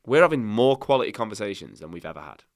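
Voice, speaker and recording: A man in his thirties, a podcast guest telling candid personal stories in a lively, casual way and swearing freely. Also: lowish voice, quick pace. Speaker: podcast guest, company founder. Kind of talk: casual conversational storytelling.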